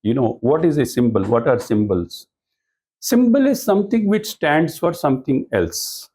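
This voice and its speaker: A man's voice: on the high side, expressive, moderate pace, warm tone, slightly rough, poor audio. A man giving a training lecture to business professionals, explaining points and posing rhetorical questions to the audience. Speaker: speaker at a corporate training talk.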